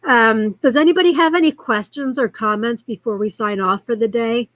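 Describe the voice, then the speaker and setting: A woman's voice: fairly high pitch, moderate pace, a bit bright, dry recording, rough recording. A woman hosting a live-streamed show, chatting casually in a rambling way and reacting to viewer comments as she reads them aloud.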